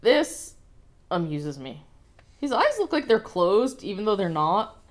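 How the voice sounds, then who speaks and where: A young adult woman co-hosting a toy review show, joking and chatting in a lively, casual way. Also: mid-range voice, a little slow. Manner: playful, joking and animated.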